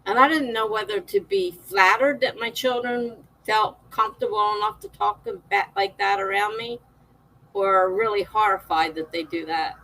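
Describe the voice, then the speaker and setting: A woman's voice: mid-range voice, moderate pace, a bit bright, poor audio. A middle-aged woman hosting a live stream, chatting casually with viewers, laughing often and reading out their comments.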